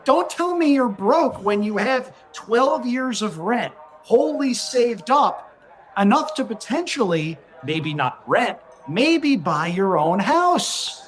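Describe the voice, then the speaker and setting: A man's voice: very high voice, big pitch swings, takes it slowly. A man on a podcast as a guest, explaining betting and taxes in a matter-of-fact casual way. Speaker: podcast guest, racing handicapper. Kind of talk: casual chat.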